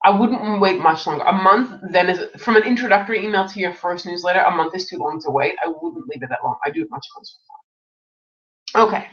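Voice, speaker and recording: A woman's voice: lowish voice, a little fast. Nasal-voiced woman giving chatty advice. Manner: chatty, many restarts and asides. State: stuffy, nasal from illness. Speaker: webinar host answering questions. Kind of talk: casual live Q&A advice. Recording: distant mic, dull lo-fi sound.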